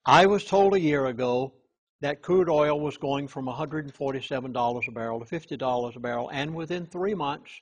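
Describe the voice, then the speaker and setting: A chaplain being interviewed talks earnestly in a medium-pitched voice. He stresses important words forcefully and sometimes stops and restarts haltingly.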